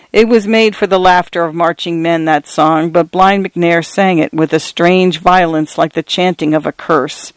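Male story narrator, earnest and measured, smooth resonant tone, close dry sound. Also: a little high, steady tone, no echo, low-quality recording.

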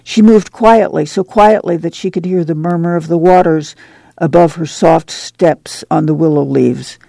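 Male narrator, audiobook, measured delivery, slightly high, mellow tone. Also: gravelly, no echo. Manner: measured, even storytelling.

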